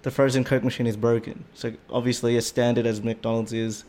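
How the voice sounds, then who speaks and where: An Australian man with a middle-pitched voice tells a story in casual podcast chat. He is animated and swears freely. His voice shoots upward whenever something annoys him. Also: a little fast. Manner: animated, swears a lot, voice jumps up when indignant. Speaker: podcast co-host.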